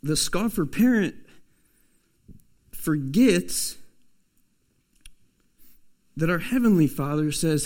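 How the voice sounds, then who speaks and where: A male pastor delivers a sermon in a slightly raised voice. He swings between punchy, emphatic lines and quiet, almost hushed asides, speaking straight to his congregation. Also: sits high, animated, slow, long pauses.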